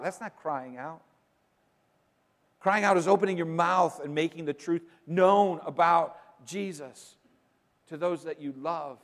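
A man preaching a sermon, emphatic, moving between loud declarations and quiet, conversational asides. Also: fairly high pitch, measured pace. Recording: long reverb of a large hall.

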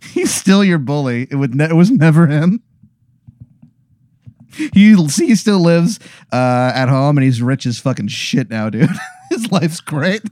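A man's voice: a little high, animated, measured pace, darkish tone, no room sound, studio quality. A man improvising a comic story for a friend, rambling through fillers and breaking into laughter. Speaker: storyteller posing a hypothetical.

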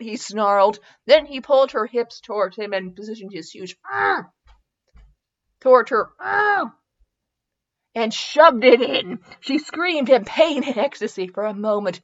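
A woman's voice: on the high side, animated, measured pace, a bit bright, highs cut off. A woman podcast host reading fan fiction aloud for comedy, breaking off into giggles and self-mocking asides.

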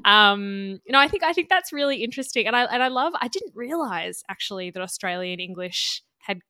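Curious woman host with a smooth voice. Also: medium pitch, animated, fairly quick, pushed and bright, no room sound. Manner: curious, chatty questioning. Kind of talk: conversational interview.

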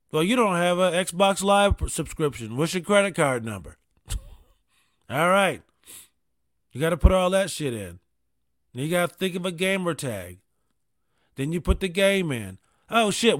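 A man telling casual comedic stories about gaming with his kid, profane and animated, with quick asides. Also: fairly high pitch, dry recording, studio quality.

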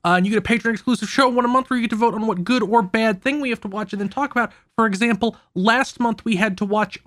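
A man's voice: very high-pitched, racing, fairly bright tone, no echo, studio quality. A man co-hosting a podcast, reading a membership plug in a chatty way, laughing now and then. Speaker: podcast co-host. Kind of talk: podcast ad read.

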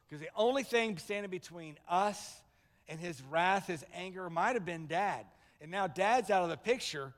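At a moderate pace, a high-voiced male pastor preaches in a church sanctuary. He tells stories with animation, performing the voices of the characters, and the recording has long hall reverb.

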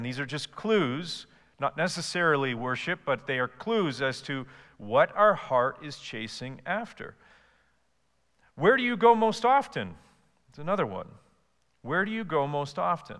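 A man's voice: medium pitch, gravelly, pushed and bright, in a large hall. A man preaching a sermon, asking rhetorical questions and building to emphatic repeated lists. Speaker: pastor.

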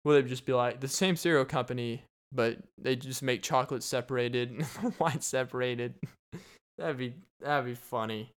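A young man rambles through a casual podcast monologue, cracking jokes and breaking into laughter. His voice sounds smooth and clear. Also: medium pitch, normal speed. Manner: rambling and joking, laughs often. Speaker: podcast host.

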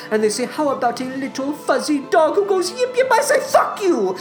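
A woman's voice: high-pitched, voice pushed up. A woman voicing a vain, pompous grand opera diva in a comic mock advertisement, with a grandiose, trilling, haughty manner.

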